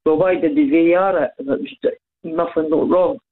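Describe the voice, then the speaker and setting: A man's voice: a little high, fairly even intonation, normal speed. A man with a Scottish accent calling in to a radio phone-in, emotional and stumbling over his words. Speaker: caller. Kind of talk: phone-in chat. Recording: tinny phone line.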